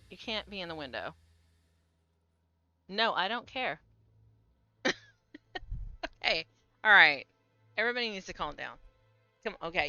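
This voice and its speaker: Chatty woman streamer, bright lively voice. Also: medium pitch, dry recording. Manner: chatty, talks to her cats and reads game text aloud. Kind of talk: casual gameplay commentary. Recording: slightly dull home stream mic with faint game music.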